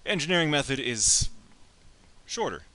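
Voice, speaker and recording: A man's voice: medium pitch, big pitch swings, normal speed, sharp tone. A young man teaching a casual, joking lecture on science and engineering, acting out imagined speakers with playful asides.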